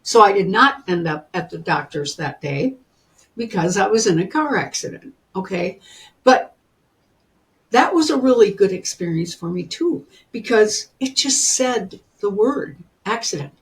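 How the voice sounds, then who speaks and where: A woman in her seventies telling personal stories as a podcast guest in an animated way, often calling the listener honey. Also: mid-range voice, a little slow. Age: 70s. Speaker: guest, psychic and spiritual teacher. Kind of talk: storytelling in a podcast interview.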